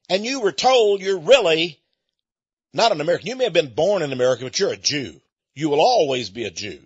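A man's voice: fairly high pitch, fairly bright tone, slightly rough, no room sound. A man from Texas, a radio host, speaking in a folksy conversational monologue and chuckling often. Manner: folksy storytelling with frequent chuckles. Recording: dull lo-fi recording.

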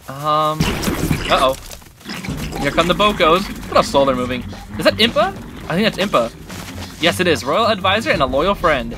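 A man hosting a gaming channel, giving excitable, chatty commentary while he plays and talks to the characters on screen. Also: a little high, moderate pace, pauses often, noisy background. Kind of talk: casual gameplay commentary. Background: game music.

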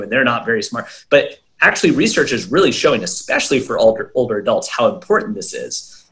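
A young adult man who works as a brain health coach speaks in a mid-range, fairly bright voice as an interview guest. His explanatory talk is earnest and lecturing, listing examples and checking in with "right?".

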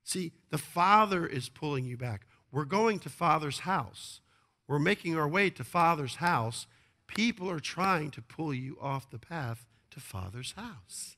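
A man's voice: on the high side, lively intonation, a little slow, pushed and bright. A male pastor preaching a sermon, emphatic and repetitive, often asking the congregation to agree.

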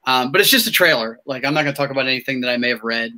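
A man hosting a podcast in casual chat, excitable and rambling, with many restarts. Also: medium pitch, very fast. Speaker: podcast host.

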